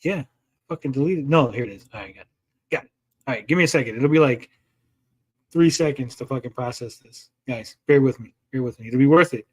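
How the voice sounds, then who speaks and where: A man's voice: medium pitch, fairly quick, a little mellow, husky. A male podcast host in casual livestream chat, profane and mocking as he rants.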